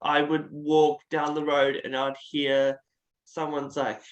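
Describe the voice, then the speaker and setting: A man's voice: fairly high pitch, monotone, slow, dull audio. A man hosting an interview and chatting casually, in a playful, eager way. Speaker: host.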